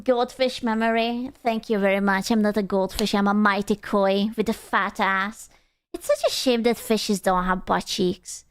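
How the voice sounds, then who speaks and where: A woman's voice: medium pitch, fairly even intonation, normal speed, clean tone, no echo. A young adult woman, chatting on a live stream in a playful, crude, giggly way. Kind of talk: casual stream chat reading chat.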